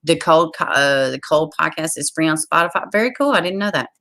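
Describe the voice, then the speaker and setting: A woman's voice: low voice, animated, fairly quick, bright, forceful tone. A tired woman with a Southern US accent hosting a true crime livestream, reading a case aloud and breaking off to greet viewers.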